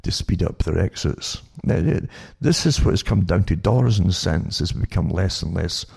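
A low, heavily gravelly man holding forth on his talk show. He rambles, doubles back and repeats words as he goes. His tone is dark and husky. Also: normal speed. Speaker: show host.

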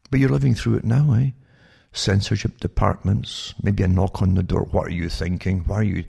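Very low and heavily gravelly with strong vocal fry, this man's dark, husky voice carries a long, rambling monologue of commentary. He keeps restarting sentences and throws asides like "eh?" at the listener.

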